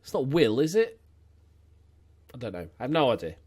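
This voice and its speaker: Chatty man with a lively voice. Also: mid-range voice, moderate pace, breathy edge. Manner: chatty and opinionated, rambling asides. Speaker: gaming YouTuber. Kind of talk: let's-play commentary.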